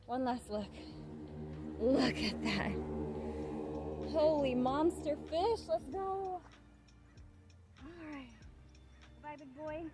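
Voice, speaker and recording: A young woman live-streaming herself fishing from a pond shore, chatting playfully to her viewers and getting loudly excited over a big catch. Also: high-pitched, extremely slow, pauses often, loud music behind the voice. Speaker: fishing vlogger. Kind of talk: casual live-stream chat.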